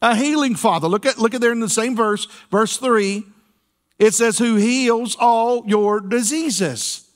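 High-voiced preacher, folksy and playful. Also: male voice, a little slow. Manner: folksy, playful preaching with call-and-response asides. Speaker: senior pastor. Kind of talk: sermon. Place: church sanctuary.

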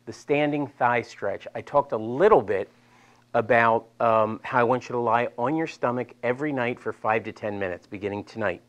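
Man, Delaware accent, middle-aged, physical therapist, live seminar, animated, repeats points. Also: medium pitch, normal speed, highs cut off. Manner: animated, chatty, repeats himself for emphasis. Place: seminar room with an audience.

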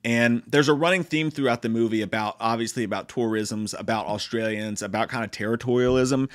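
A man's voice: medium pitch, a little fast, no echo. A man giving a casual, profane and joking spoken movie review. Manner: profane, joking, animated retelling.

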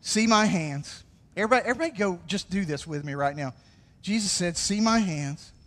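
High-voiced pastor preaching in a hall. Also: male voice, brisk. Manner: energetic, conversational preaching with audience call-outs. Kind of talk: sermon. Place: church sanctuary. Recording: long hall reverb.

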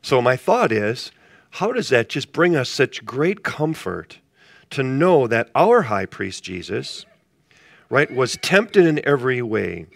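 A man's voice: medium pitch, big pitch swings, slow pace, creaky, no room sound, clean studio sound. A male pastor leading a casual Bible study, talking conversationally and asking the group questions.

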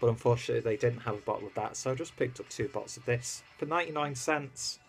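At home in Germany, a man from the United Kingdom casually reviews a beer, rambling easily and filling his speech with fillers. He has a medium-pitched voice with vocal fry and a breathy edge, and he talks fast.

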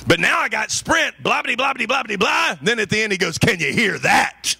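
A man preaching a sermon as pastor, animated and humorous, acting out everyday scenes and raising his voice to make a point. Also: very high voice, fairly quick, creaky, husky, no room sound. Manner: animated and humorous, acting out phone calls with raised voice.

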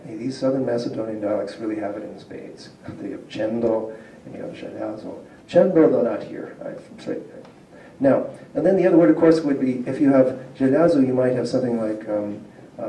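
In a roomy hall recorded from a distance, slight background noise is audible as a man with a dark, mid-range voice lectures publicly on linguistics. Addressing a community audience, he explains patiently, asks questions of the room, and frequently chuckles.

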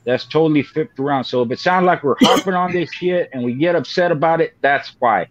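Male co-host, calm explainer, slightly high, muffled dry audio. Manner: measured, explanatory, repeats points. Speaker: podcast co-host. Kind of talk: casual talk. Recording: dull lo-fi dry sound.

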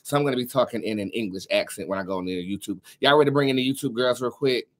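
A man's voice: mid-range voice, very fast. A man hosting a live tarot stream in casual chat, sassy and profane, calling his viewers darling and girls while he sorts out his setup. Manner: chatty, talking to himself while fixing tech. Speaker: tarot reader hosting a livestream.

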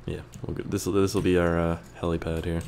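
A young man giving rambling, profane gameplay commentary, breaking into yells at the game. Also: low-pitched, little pitch movement, fairly quick, creaky, slight background noise. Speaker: gaming YouTuber.

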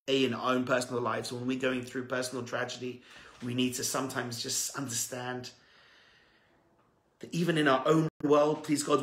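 A man preaches in a bright, forceful voice that rings through an echoey room. He tells his stories dramatically, dropping to near-whispers before building to fervent, rising appeals. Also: medium pitch. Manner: dramatic storyteller, swings from hushed to fervent. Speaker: rabbi. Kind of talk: storytelling sermon.

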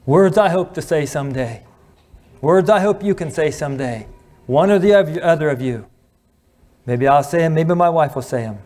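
A man's voice: on the high side, expressive. Earnest middle-aged preacher man. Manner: earnest, slows and drops to a hush at emotional points; clears his throat now and then. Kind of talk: sermon.

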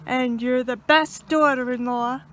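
A woman's voice: high voice, steady tone, unhurried. An older woman, a mother-in-law, giving an affectionate birthday message and laughing often.

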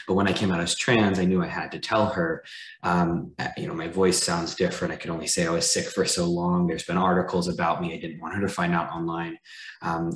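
Brief: candid male panelist, low voice, roomy echoey sound. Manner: candid and conversational, with light laughs. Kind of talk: personal storytelling on a panel.

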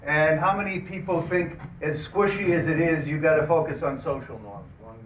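A man moderating a panel discussion, who introduces the guests and runs an audience poll in a halting way, with many fillers and dry asides. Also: a little high. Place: conference room. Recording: phone-like, roomy, distant, faint hiss.

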